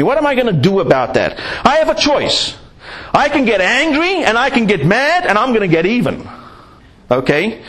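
A man's voice: high voice, fairly bright tone. A man preaching a sermon, acting out little scenes to make his points. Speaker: pastor.

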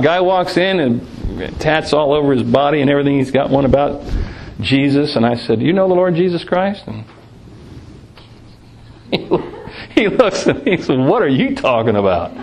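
A man preaching, telling lively personal anecdotes about sharing his faith, laughing often and restarting phrases. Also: fairly high pitch, poor audio. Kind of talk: sermon storytelling.

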